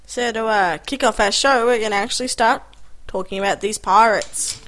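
A woman's voice: fairly high pitch, moderate pace, poor audio. A young woman co-hosting a casual podcast, playful and giggly, telling stories with gusto. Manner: playful, giggly, lively storyteller. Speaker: podcast co-host. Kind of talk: casual chat.

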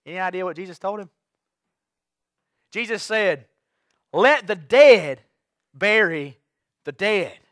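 A man's voice: high-pitched, fairly bright tone, no echo, studio quality. A young man preaching a sermon as pastor, fervent and given to repeated rallying cries. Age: young adult. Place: church sanctuary.

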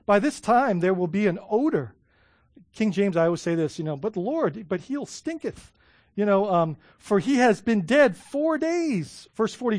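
A man's voice: high voice, darkish tone, no room sound. Earnest male preacher, dry close sound. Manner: earnest preaching with rhetorical questions and restarts. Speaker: pastor. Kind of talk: sermon.

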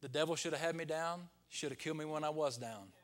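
Man preaching with loud swells. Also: on the high side, quick pace. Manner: preaching with loud peaks and hushed, whispered quotes. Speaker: pastor. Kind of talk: sermon.

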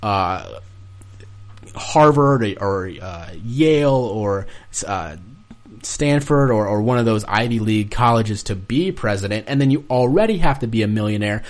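Young man, lowish voice, casual podcast talk, halting delivery with frequent restarts. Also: lively intonation. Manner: halting, restarts often while searching for words.

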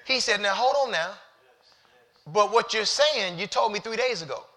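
A male pastor preaching a sermon, moving from hushed, halting storytelling to loud, shouted exhortation. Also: sits high, lively intonation. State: near tears.

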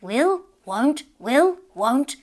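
A woman's voice: a little high, big pitch swings, moderate pace. A woman voicing a fretful, scolding old farmer's wife in a storybook reading, raising her voice sharply. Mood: exasperated.

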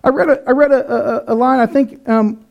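A man's voice: very high-pitched, fairly even intonation, normal speed, creaky, lo-fi sound. A man preaching a sermon in an earnest, conversational way, with some restarts. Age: adult, past eighteen.

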